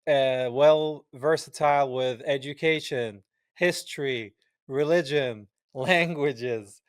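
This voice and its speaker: A man's voice: medium pitch, takes it slowly, no room sound, studio quality. A man from Palestine hosting a podcast interview, talking in an emphatic, impassioned way with rhetorical asides. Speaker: podcast host. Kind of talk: casual interview chat.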